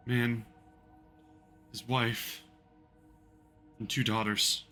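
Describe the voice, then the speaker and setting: A man's voice: mid-range voice, flat delivery, drawn-out words, pushed and bright, soft background music. A man playing a meek frightened thief. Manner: meek and hesitant. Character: frightened, submissive male thief prisoner.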